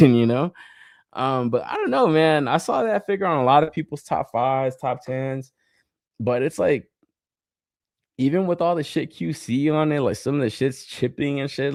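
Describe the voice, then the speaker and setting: A man's voice: fairly high pitch, expressive, normal speed, creaky, no echo, studio quality. A man hosting a podcast in casual chat, rambling and swearing a lot, with plenty of fillers and frequent laughs. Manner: rambling, profane, with lots of fillers; laughs often while talking. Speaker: podcast host. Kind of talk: casual chat reading live comments.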